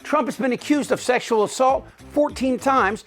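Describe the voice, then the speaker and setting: A man's voice: very high-pitched, normal speed. Male host, scripted political commentary, cutting and sarcastic, faint music bed. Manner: biting, sarcastic delivery.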